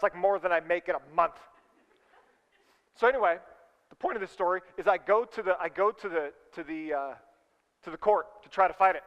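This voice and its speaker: Animated high-voiced pastor in a hall. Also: male voice, muffled recording. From California. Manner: animated storyteller, acts out his own voice. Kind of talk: sermon with storytelling. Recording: long hall reverb.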